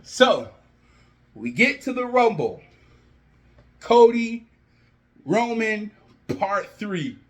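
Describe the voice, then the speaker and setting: A young man casually telling an imagined wrestling storyline, animated and jumping into characters' lines as he goes. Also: high-pitched, very slow, pauses often. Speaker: wrestling fan video host. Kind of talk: casual fantasy-booking storytelling.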